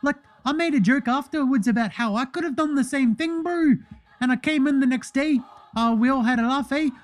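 A man's voice: extremely high pitch, a little fast, voice pushed up. A man impersonating a playful young male basketball star with a New Zealand accent, ending every sentence with "eh, bro". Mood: cheeky. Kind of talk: comedic impression monologue.

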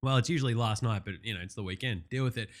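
A man hosting a casual sports recap, brash and profane with quick wisecracks. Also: lowish voice. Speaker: podcast host.

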